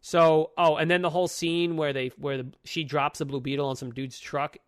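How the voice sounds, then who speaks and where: A man's voice: fairly high pitch, flat delivery, normal speed, no room sound. A young man co-hosting a casual comic book podcast. He talks profanely and acts out characters' lines. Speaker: podcast co-host.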